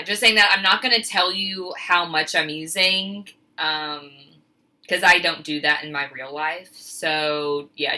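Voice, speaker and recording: A woman's voice: lowish voice, sharp tone. A woman teacher talking casually through a home cooking demonstration in her kitchen, chatty and a bit flustered, poking fun at herself. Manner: chatty, self-deprecating, flustered. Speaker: teacher filming a cooking video.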